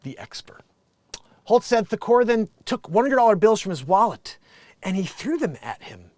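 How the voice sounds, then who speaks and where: High-voiced man riffing on the news. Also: sing-song, normal speed, darkish tone, no room sound, clean studio sound. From United States. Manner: joking, acts out quotes. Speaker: vlog host reading news. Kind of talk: casual news commentary.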